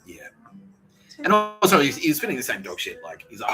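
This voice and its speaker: A podcast host delivers a casual monologue, ranting through a profane story and voicing other people's lines in brief impressions. His medium-pitched voice swings hugely in pitch at a fairly quick pace, with music in the background and a rough recording.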